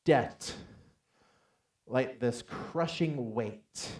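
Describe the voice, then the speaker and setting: A man giving a motivational talk from a stage to a live audience, telling a personal story with lively acted-out dialogue and calling on the crowd to answer. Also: mid-range voice, drawn-out words, roomy sound. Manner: animated storytelling, acts out dialogue loudly, calls for audience responses. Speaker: motivational speaker. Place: large hall on stage.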